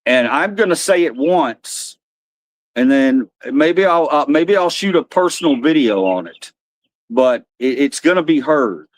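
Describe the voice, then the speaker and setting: A man hosting a casual livestream, rambling, blunt and quick to swear. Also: a little high, lively intonation, no echo. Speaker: livestream host.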